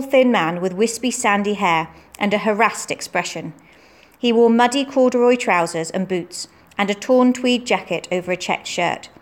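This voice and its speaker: Woman narrator, steady storybook reading, medium pitch.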